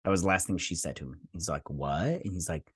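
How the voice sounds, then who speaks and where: Low-pitched yet fairly bright in tone and slightly rough, this man speaks fast in a clean studio recording with no room sound. He's the host of a TV review channel, giving a casual spoken episode review and chatting directly to viewers amid lots of fillers and self-corrections.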